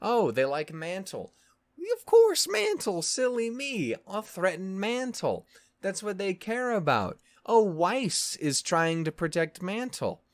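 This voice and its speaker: A man's voice: fairly high pitch, animated, slow, hardly any pauses, voice pushed up. A man putting on the voice of a scheming, sarcastic male dictator, mocking and sing-song.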